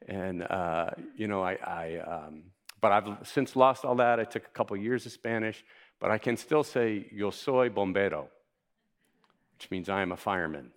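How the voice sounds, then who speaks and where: A man's voice: fairly low pitch, normal speed. A man preaching a sermon in a conversational, playful way, putting questions to the congregation. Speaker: pastor.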